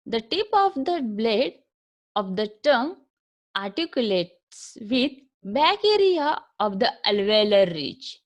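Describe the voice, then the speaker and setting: Woman lecturer, Indian accent, fairly high and very animated voice, patient drilling teacher. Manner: patient teacher, repeats and drills sounds slowly. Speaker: English lecturer. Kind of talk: recorded phonetics lecture.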